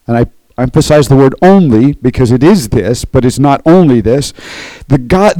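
A man's voice: medium pitch, animated, normal speed, dark tone, no echo, poor audio. A man preaching a sermon as pastor, earnest, often checking in with the congregation by asking "okay?".

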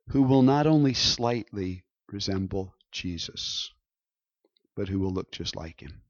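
A man's voice: fairly low pitch, dry recording, muffled recording. Man preaching a conversational sermon. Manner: conversational preaching with frequent check-ins. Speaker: pastor.

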